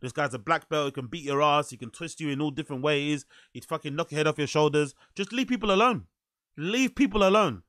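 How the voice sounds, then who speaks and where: A man's voice: fairly high pitch, quick pace, fairly bright tone, no echo, studio quality. A man giving casual reaction commentary in a blunt, incredulous way, swearing freely.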